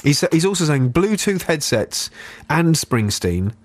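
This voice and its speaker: A man's voice: fairly high pitch, very animated, measured pace. A man in his forties guest-hosting a radio show, joking and self-mocking in casual chat. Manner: jokey, self-mocking, tries silly accents. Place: radio studio. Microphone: studio microphone.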